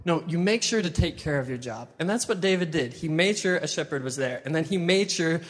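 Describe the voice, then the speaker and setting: A man's voice: fairly high pitch, expressive, brisk. A young man preaching in a chatty, casual way, retelling a Bible story and acting out the quotes. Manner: chatty, uses "like" a lot, acts out quotes. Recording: long hall reverb.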